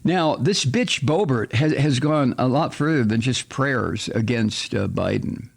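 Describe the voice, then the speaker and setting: A man's voice: medium pitch, expressive, a little slow, vocal fry. A man hosting a political talk radio show, ranting angrily with lots of profanity and exasperated, sarcastic asides. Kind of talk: political commentary monologue.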